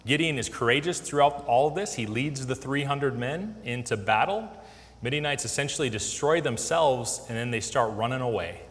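A man's voice: medium pitch, expressive, moderate pace, a bit bright. Man teaching scripture in a reverberant hall. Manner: conversational, many fillers and restarts. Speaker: Bible teacher. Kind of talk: casual Bible teaching.

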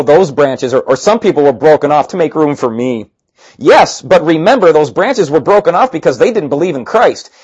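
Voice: medium pitch, a little mellow, slightly rough, muffled recording. A pastor preaching a conversational sermon with sarcastic asides.

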